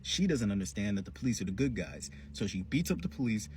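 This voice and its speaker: A man giving a casual, slangy recap of a cartoon episode with animated storytelling. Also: on the low side, fast, slight background noise. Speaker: cartoon reviewer.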